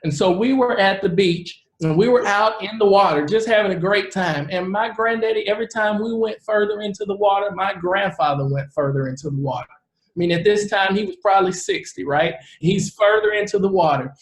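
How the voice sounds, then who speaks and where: A man's voice: sits high, moderate pace. Earnest man presenting in an echoey room. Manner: earnest, animated storyteller who acts out the people he quotes. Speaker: real estate investor and presenter. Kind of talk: live presentation with storytelling. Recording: roomy echo.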